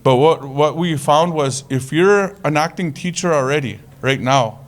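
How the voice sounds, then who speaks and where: A man presenting at a conference, talking casually, with jokes and lively storytelling. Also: on the high side, a little slow. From Canada. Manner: casual, joking, animated storytelling. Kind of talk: conference talk.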